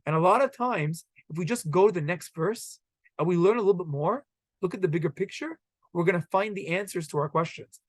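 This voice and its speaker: High-voiced man teaching a lively class. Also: brisk, no echo. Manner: animated, asks the class rhetorical questions. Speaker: Torah teacher. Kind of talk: classroom lesson.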